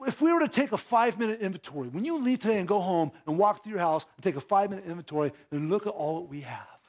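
A man's voice: high-pitched, animated, fast talker. A man preaching a sermon in a church, conversational, with rhetorical questions and acted-out bits of dialogue. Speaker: pastor. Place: church sanctuary.

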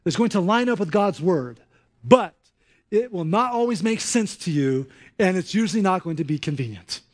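A man preaching a sermon in an animated, conversational way, acting out voices. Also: high voice, moderate pace. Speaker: pastor.

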